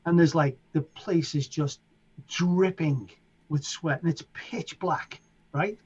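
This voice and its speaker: A middle-aged Liverpool man from England is a guest in a casual interview, telling stories slowly but with lively energy and acting out voices and sounds. His voice is slightly high with a husky grain, and the recording sounds dull and lo-fi.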